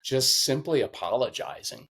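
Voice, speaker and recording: A man's voice: mid-range voice, moderate pace, creaky, slightly rough. Earnest middle-aged man, choked up. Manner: earnest, emotional, animated storytelling. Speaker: podcast guest, parenting coach. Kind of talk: conversational interview.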